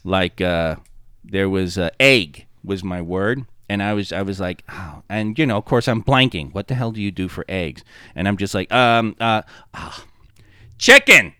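A man co-hosting a podcast, chatting casually and telling animated, profane stories about game night. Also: deep voice, normal speed, clean tone, no room sound, studio quality. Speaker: podcast co-host. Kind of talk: casual chat.

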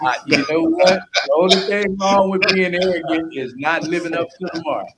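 An older actor appearing as a podcast guest, talking in a relaxed, conversational way. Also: male voice, on the high side, normal speed, over a noisy crowd. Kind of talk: casual interview.

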